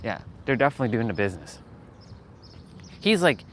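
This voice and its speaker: A man's voice: medium pitch, huge pitch swings, takes it slowly, pauses often, bright, forceful tone. A man live-streaming from his phone while walking outdoors, chatting casually and laughing often as he talks to his viewers. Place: outdoors on a street. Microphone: phone on a gimbal.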